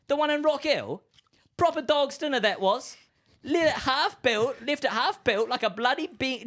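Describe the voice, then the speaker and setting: A man's voice: very high-pitched, fairly bright tone, heavily acted. A man on a podcast doing a shaky put-on British accent as a rambling conspiracy-theorist bloke, full of slang. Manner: spinning a yarn, full of slang and wild comparisons. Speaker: podcast co-host. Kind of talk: comedic scripted rant.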